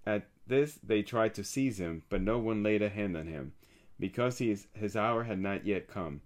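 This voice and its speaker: A man reading a passage of scripture aloud in a measured, steady way. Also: on the low side. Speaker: scripture reader.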